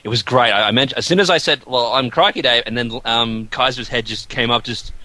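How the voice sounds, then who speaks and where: A man's voice: mid-range voice, brisk, pushed and bright, no room sound. A man from Australia, chatting casually and telling a story with lots of stammers and fillers. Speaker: guest animator. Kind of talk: casual group chat.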